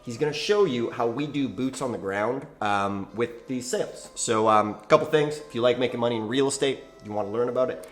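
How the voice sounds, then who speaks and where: A man hosting his own channel, teaching investing to camera in an animated, folksy storytelling way. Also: medium pitch, brisk, soft background music. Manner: animated, folksy, acts out quoted dialogue. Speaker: channel host, real estate investing educator.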